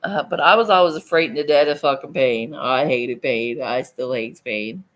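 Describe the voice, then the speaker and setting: This middle-aged livestream host has a very deep voice and speaks at a moderate pace. She broadcasts from her phone in a loose, rambling way, cursing casually and laughing often.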